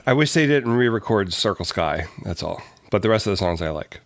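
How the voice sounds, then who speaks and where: A man co-hosting a casual comedy podcast, easygoing and quick to laugh. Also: fairly low pitch, expressive, no room sound, clean studio sound. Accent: New England. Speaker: podcast co-host, baker.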